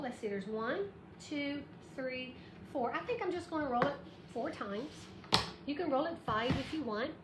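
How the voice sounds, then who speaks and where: A woman hosting a live craft tutorial, chatty and bubbly, greeting viewers by name and counting aloud as she works. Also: high-pitched. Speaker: craft livestream host. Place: her craft shop. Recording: echoey room with background noise.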